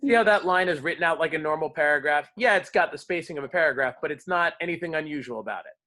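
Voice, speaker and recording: A man teaching a class on verse, lively, explaining and quizzing his students. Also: a little high, quick pace. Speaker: drama teacher. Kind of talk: classroom lecture.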